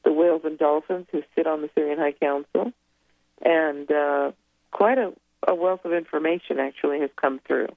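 A woman's voice: low voice, fairly even intonation, moderate pace, creaky, no echo. A woman guest author speaking casually in an interview, rambling and hesitant as she recalls things. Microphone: telephone. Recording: tinny phone line.

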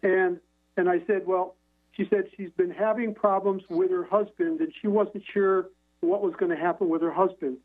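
A man's voice: sits high, steady tone, normal speed. A man, a hypnotherapist guest, telling stories over a phone line in a rambling way, with many restarts and fillers. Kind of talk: casual storytelling on a radio call-in.

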